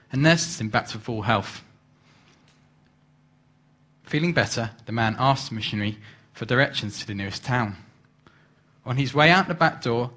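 Man telling a joke. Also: mid-range voice. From East Anglia, England. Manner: lively storyteller, self-deprecating. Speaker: guest speaker, overseas mission leader. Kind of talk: church talk with a told joke.

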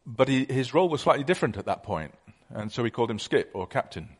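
A man's voice: mid-range voice, animated, quick pace, husky. A middle-aged man preaching a conversational sermon, telling stories with many fillers.

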